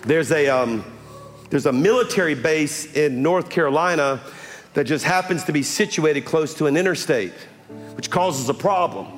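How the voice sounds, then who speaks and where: A man delivers a sermon from the pulpit, his voice sitting a bit high and climbing into shouted exhortations. He tells stories casually, then calls out to the congregation for response. The sound carries a long church reverb with soft piano and a faint crowd behind. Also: moderate pace. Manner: builds to shouted, rising exhortation with call-and-response. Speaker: pastor. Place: large church sanctuary with audience.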